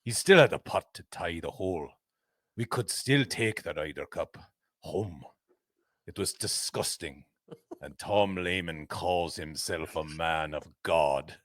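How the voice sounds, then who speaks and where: A man doing a put-on Scottish accent as an outraged older Scotsman, slow and indignant. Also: deep voice, no echo, voice pushed down. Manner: slow, grave, indignant delivery.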